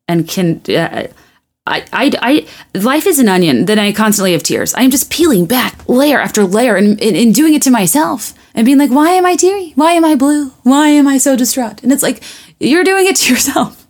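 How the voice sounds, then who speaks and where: A woman's voice: medium pitch, darkish tone. Rambling, chatty woman podcast host. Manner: rambling, chatty, self-deprecating with frequent laughs; restarts often and stacks quick asides. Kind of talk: casual monologue.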